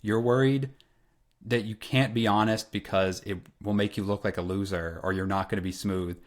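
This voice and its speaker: A man's voice: fairly low pitch, fairly even intonation, normal speed. A man who is a coaching client, chatting in an agreeable, conversational way as a guest. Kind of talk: casual interview chat.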